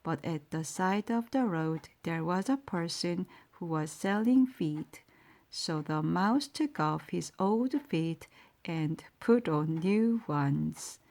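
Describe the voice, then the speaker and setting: Slow, sing-song woman reading bedtime stories. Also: on the low side, a little mellow. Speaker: storyteller.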